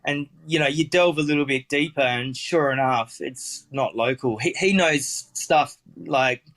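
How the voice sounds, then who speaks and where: A man's voice: mid-range voice, a little slow, a bit bright. A man with an Australian accent, a chef telling stories in a casual interview, rambling with lots of fillers and restarts.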